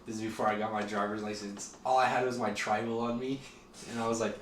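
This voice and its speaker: A man's voice: fairly low pitch, little pitch movement, fast talker, noisy background. A young man co-hosting a podcast, joking and telling stories in casual chat. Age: young adult. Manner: joking storyteller. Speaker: podcast co-host. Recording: echoey room, distant mic.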